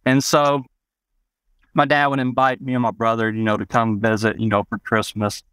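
A man's voice: medium pitch, level tone, moderate pace, fairly bright tone, clear, resonant tone, dry recording. A man from Arkansas, telling personal memories as an interview guest, rambling with many "you know" asides.

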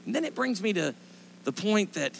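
A man in his forties, a pastor preaching a sermon, telling stories emphatically and rising to loud impassioned pleas. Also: sits high, sing-song, moderate pace, gravelly, slight background noise. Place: church sanctuary.

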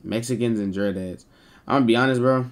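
Joking streamer man, mid-pitched voice. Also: fast talker. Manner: animated, joking, heavy slang and swearing. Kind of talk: casual live-stream chat with viewers.

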